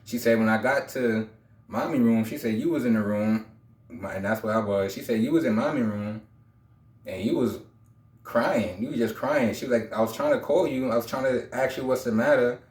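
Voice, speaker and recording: A man's voice: mid-range voice, normal speed, darkish tone. A man in his thirties telling a personal story in a casual, rambling vlog, repeating himself and using street slang. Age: 30s. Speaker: vlogger. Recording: roomy echo.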